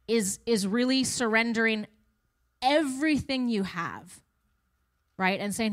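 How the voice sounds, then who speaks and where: Speaking a little slowly in a mid-range, fairly bright voice, a thirtysomething woman gives her testimony at church. Her tone is relaxed and chatty, with jokes at her own expense.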